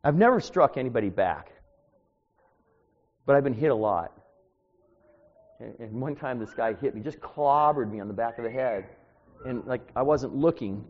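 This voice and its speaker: A man delivering an informal sermon as a preacher, talking in a conversational, anecdotal way that grows louder when he gets animated. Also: mid-range voice. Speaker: street preacher. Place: church. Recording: dull lo-fi sound.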